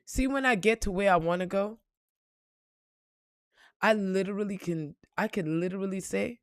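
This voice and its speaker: A woman's voice: normal speed, no echo. Blunt, profane motivational woman, dry sound. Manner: blunt, profane, emphatic with repeated phrases; swings between loud outbursts and low reflective tones. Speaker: spiritual reader and motivational vlogger. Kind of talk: motivational monologue.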